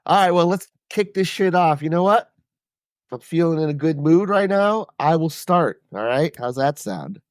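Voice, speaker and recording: In a dry, clean studio recording, a man with a fairly high, lively voice speaks at normal speed. He co-hosts a podcast and tells stories casually, in a loose, rambling, heavily profane way.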